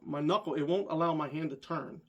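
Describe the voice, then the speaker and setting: A man vlogger casually telling a rambling story, animated and self-deprecating. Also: a little high, a little fast, lo-fi sound.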